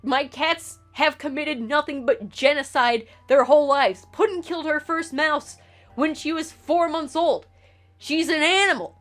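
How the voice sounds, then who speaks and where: A woman's voice: high voice, unhurried. A woman streaming a video game, talking bluntly in a rambling, profane rant full of restarts. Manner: blunt, swears freely, ranting. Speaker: gaming streamer. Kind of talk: casual commentary while playing a game.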